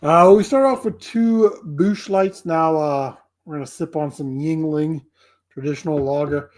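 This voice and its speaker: A man's voice: on the high side, a little slow, a little mellow. A man hosting a casual live stream, rambling and laughing often. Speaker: streamer host.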